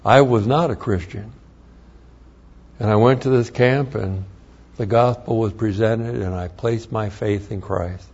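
An older man giving an earnest, plain-spoken personal testimony, with halting restarts as he tells his story. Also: lowish voice, a little mellow, breathy edge. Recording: dull lo-fi recording.

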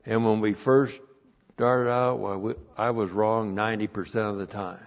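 A man preaching a sermon and teaching the Bible as a pastor, repeating phrases and rising loud to stress a point. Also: fairly low pitch, steady tone, moderate pace. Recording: dull lo-fi recording.

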